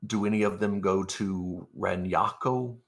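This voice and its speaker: A man voicing a gruff, wary old ex-soldier who calls people son. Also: sits low, steady tone, measured pace. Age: older (figure).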